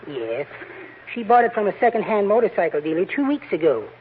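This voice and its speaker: An actor playing a timid, henpecked little man with a soft, hesitant voice in a 1940s radio comedy. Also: high voice, big pitch swings, fairly quick. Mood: mild. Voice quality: soft, mousy, hesitant delivery. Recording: tinny lo-fi 1940s radio broadcast, faint audience.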